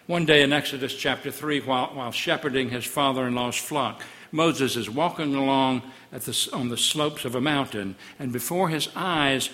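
A man preaching a sermon as pastor, emphatic, repeating key phrases and sinking to a soft hush. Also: medium pitch, big-room sound.

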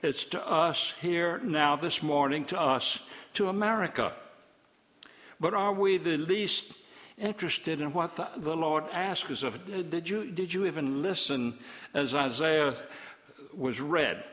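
A male preacher delivering an emphatic, reproachful sermon in a slightly higher-than-average voice. He presses his congregation with pointed rhetorical questions. A long church reverb hangs behind his words. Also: unhurried, fairly bright tone.

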